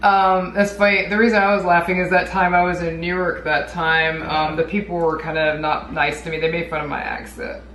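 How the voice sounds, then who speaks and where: A woman's voice: fairly low pitch, flat delivery, fairly quick, few pauses, fairly bright tone, a little hiss or hum. A woman with a Southern US accent, co-hosting a casual travel vlog chat and laughing often. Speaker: vlog co-host. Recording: echoey room, faint ambience.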